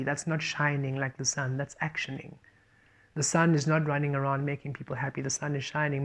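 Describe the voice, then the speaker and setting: An earnest tarot reader with a mid-range voice talks through a spiritual reading. They circle back to the same points again and again. They often pass on guidance as quoted messages from spirit. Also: mid-range voice.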